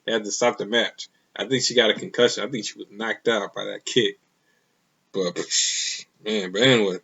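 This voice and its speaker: A man's voice: on the low side, steady tone, moderate pace, pushed and bright, breathy edge, highs cut off. A man casually reviewing a wrestling show, rambling and opinionated, with many fillers.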